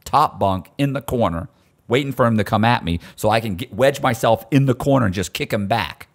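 A man telling stories in casual chat, animated and often restarting his sentences. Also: mid-range voice, a little fast. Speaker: guest storyteller.

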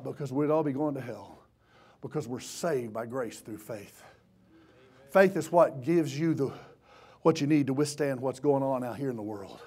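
A man preaching a sermon in a church, swinging from impassioned shouting to hushed tones. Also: mid-range voice, normal speed, breathy edge. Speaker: pastor.

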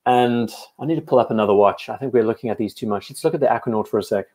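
A man's voice: mid-range voice, racing, a little mellow. A South African man hosting a casual live stream, reading out viewer comments and chatting enthusiastically with frequent restarts.

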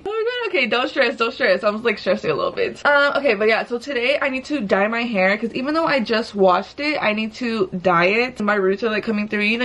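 Excitable young woman rambling to camera. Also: a little high, rough recording. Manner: rambling, excitable, lots of "like" and "literally". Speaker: vlogger and nail tech. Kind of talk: casual vlog chat. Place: at home, then in a car at a drive-thru.

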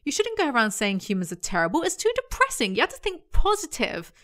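A woman reading the lines of a prim, earnest young heroine who speaks indignantly and quickly. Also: mid-range voice, sing-song, a bit bright. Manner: indignant, preachy.

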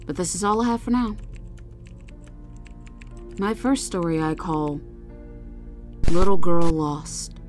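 A woman narrating a first-person horror story, calm and soothing when she speaks as the dispatcher. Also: medium pitch, a little slow, long pauses. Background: faint music.

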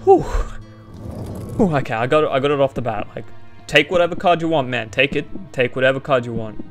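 A young man giving excitable, profane let's-play commentary while talking to his viewers. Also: medium pitch, brisk, soft background music. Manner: excitable, swears freely, talks to viewers. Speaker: gaming YouTuber.

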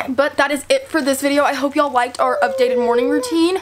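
Teen girl vlogger, high-pitched, casual chatty delivery, camera set down nearby, faint background noise. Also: brisk. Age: teenager. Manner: chatty, talks to a baby in a sing-song voice. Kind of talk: casual vlog talk. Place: home, indoors.

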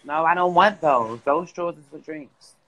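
Teasing New man, slightly high voice. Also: a little slow, a bit bright, poor audio. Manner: teasing, needling. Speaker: vlogger. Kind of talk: casual banter.

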